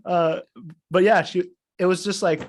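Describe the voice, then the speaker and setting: A man's voice: high-pitched, normal speed. A man on a podcast, telling a personal story in casual chat, full of "like" fillers. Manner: animated storytelling, many "like" fillers. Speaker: podcast co-host.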